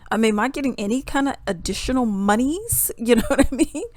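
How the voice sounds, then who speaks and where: A woman's voice: on the high side, no echo. Exasperated woman ranting to her viewers. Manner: animated, exasperated, laughing, quick asides to viewers. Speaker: commentary vlogger. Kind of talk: casual commentary rant.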